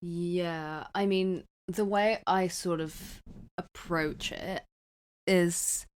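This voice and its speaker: Low-voiced woman, casual podcast chat. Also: very slow, clear, resonant tone. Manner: relaxed, filler-heavy, says "like" and "sort of" often. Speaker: podcast co-host.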